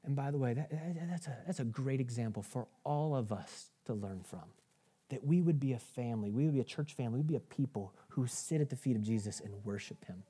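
Man, 30s, pastor, sermon, animated, conversational, self-interrupting. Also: medium pitch, a little fast, husky.

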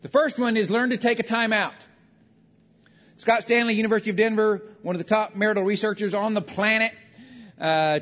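High-voiced man preaching in a reverberant hall. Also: a bit bright. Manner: conversational preaching with acted-out quotes. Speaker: pastor. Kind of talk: sermon on marriage. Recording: long reverb of a large hall.

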